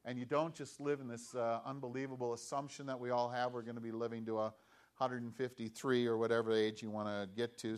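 A man preaching a sermon in a conversational way, with restarts and emphatic, repeated questions. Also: medium pitch. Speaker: pastor.

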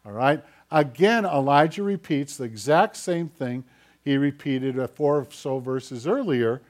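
A man preaching a sermon, swinging from urgent, raised passages to hushed, quiet ones. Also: medium pitch, expressive, a little slow. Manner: dramatic shifts between loud urgency and hushed quiet. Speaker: pastor.

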